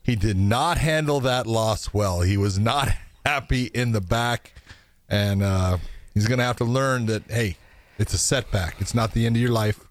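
A man's voice: on the low side, moderate pace, no echo. Guy on a podcast, swears a lot, says you know constantly, dry close sound. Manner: loose, profane, excitable with lots of fillers. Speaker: co-host. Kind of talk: casual podcast chat.

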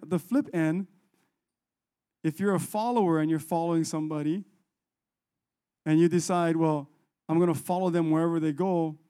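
A man preaches, his voice pitched high but mellow and warm. He talks to the congregation conversationally, jumping into voices for the people in the story. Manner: conversational, animated, acts out biblical dialogue. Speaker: pastor. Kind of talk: sermon.

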